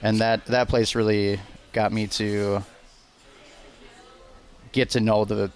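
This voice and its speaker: Low flat-voiced Midwestern chef. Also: male voice. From Wisconsin. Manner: easygoing, plainspoken, slightly halting. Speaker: restaurant chef, podcast guest. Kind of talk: casual interview chat.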